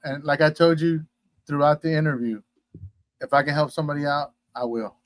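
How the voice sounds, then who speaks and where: A DJ from Texas talks earnestly and plainly as an interview guest. His voice sits fairly high for a man. The sound is close and dry. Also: fairly quick, dry recording. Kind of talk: casual interview chat.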